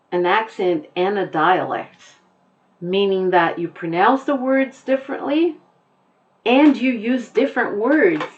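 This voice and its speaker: A woman with an American accent teaching a lesson, explaining deliberately and repeating her key points. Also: mid-range voice, dull audio, a little hiss or hum.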